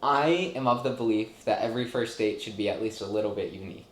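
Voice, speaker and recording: A man's voice: on the low side, fast. A young man co-hosting a podcast in his apartment, chatting casually and self-deprecatingly with many fillers. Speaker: podcast co-host. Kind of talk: casual chat. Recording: echoey apartment room.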